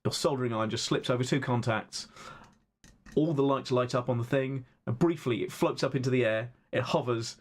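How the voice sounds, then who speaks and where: A man's voice: medium pitch, fairly quick. A man narrating as game master of a tabletop game, chatty and laughing between lines. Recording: roomy echo, faint noise.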